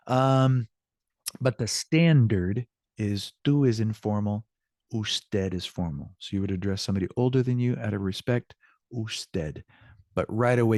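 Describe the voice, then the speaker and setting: A man's voice: on the low side, warm tone, no echo, clean studio sound. An older man teaching a Spanish class in a chatty, upbeat way. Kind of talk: classroom lesson.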